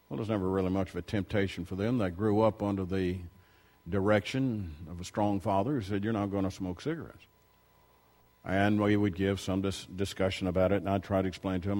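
A middle-aged man preaching a sermon, telling stories in a low voice and then rising loudly as he reads and exhorts. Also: steady tone, a little fast. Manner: shifts from quiet storytelling to loud preaching.

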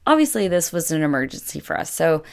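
A young woman with a notably low-pitched voice recounts a travel mishap for her vlog. She talks casually and chattily, leaning on "like" in nearly every sentence. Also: big pitch swings, fast, gravelly. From United States. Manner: chatty, filler-heavy with constant "like". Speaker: vlogger. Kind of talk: casual storytelling.

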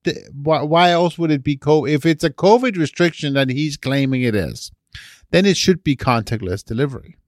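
With a fairly high, expressive voice at normal speed, this male podcast co-host thinks aloud in casual conversation. The recording is studio-clean with no echo, and he keeps checking for agreement by asking "right?"

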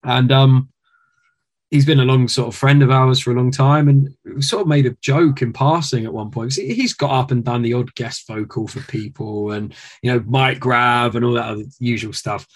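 A British man telling stories as an interview guest, rambling and animated, with many fillers and restarts. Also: medium pitch, normal speed. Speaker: guest musician. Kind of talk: casual interview.

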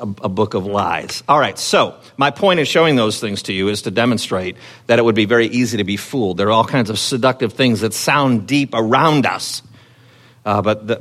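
A pastor with a medium-pitched, fairly bright voice preaches conversationally, often using fillers and restarting his sentences. He asks the congregation questions and builds energy whenever he quotes scripture.

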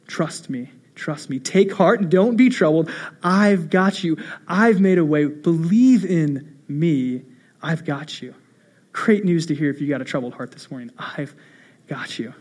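A young man preaching a sermon, telling a personal story with rhetorical questions and moving between hushed reassurance and emphatic delivery. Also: fairly high pitch, measured pace. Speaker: pastor.

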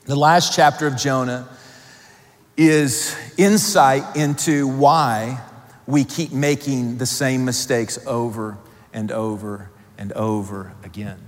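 A man's voice: medium pitch, steady tone, slow pace. A man preaching a sermon, reading scripture aloud and then driving his points home with rising emphasis. He slips in light joking asides between passages. His voice carries a long reverb from the hall around him. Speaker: pastor. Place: church hall.

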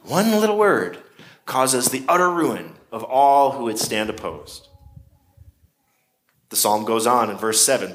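A man's voice: medium pitch, big pitch swings, unhurried, long pauses, fairly bright tone. A man preaching a sermon in a conversational way, with shifting emphasis. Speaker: pastor.

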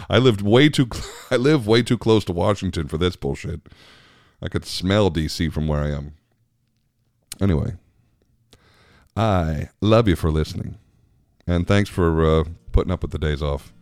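A man's voice: deep voice, unhurried, long pauses, darkish tone, dry recording, studio quality. A man hosting his own podcast, talking casually and rambling with frequent laughs. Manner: chatty, rambling, laughs often. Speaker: podcast host. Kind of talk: casual solo podcast chat.

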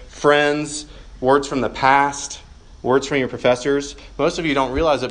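A man preaching to college students as a campus minister, earnest and conversational, speaking in a meeting room. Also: medium pitch. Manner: earnest and conversational, drops to soft prayer.

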